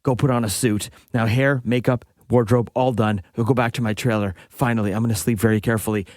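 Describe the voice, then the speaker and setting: A man in his forties, co-hosting a podcast and telling a long anecdote in a relaxed, chatty way, acting out the dialogue as he goes. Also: medium pitch, quick pace, no room sound, clean studio sound. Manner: lively storyteller acting out quoted dialogue. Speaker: podcast co-host. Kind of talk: casual anecdotal storytelling.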